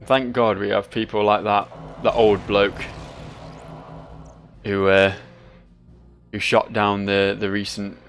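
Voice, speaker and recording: Gravelly sleep-deprived man rambling. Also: lowish voice, level tone, slow, long pauses, faint music behind. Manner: rambling, sweary, self-mocking asides. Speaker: let's play host. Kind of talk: casual gameplay commentary.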